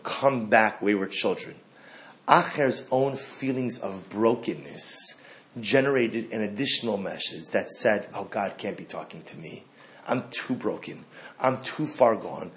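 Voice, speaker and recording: A man giving an animated Torah talk. He repeats phrases and swings from hushed to loud. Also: medium pitch.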